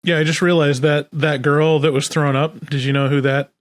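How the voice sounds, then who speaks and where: A man co-hosting a podcast, thinking aloud in a relaxed, casual chat about movies. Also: fairly high pitch, normal speed, no echo, clean studio sound. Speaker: podcast co-host.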